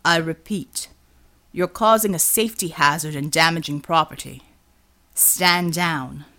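A woman's voice: low-pitched, unhurried, sharp tone, voice pushed down, heavily acted. A woman voicing a stern male squad leader giving clipped orders. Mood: commanding. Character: stern male squad commander, calm under fire.

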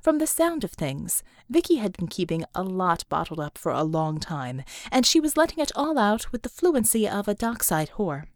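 A woman narrates an audiobook from a script, reading in an even, measured way. Her voice is mid-range, and the recording is dry and studio quality.

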